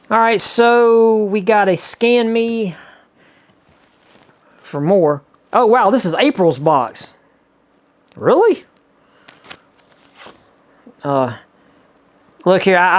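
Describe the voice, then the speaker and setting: A man with a Southern US accent hosting a casual unboxing vlog, chatty and excitable, rambling with lots of asides. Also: high voice. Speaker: YouTuber reviewing subscription boxes.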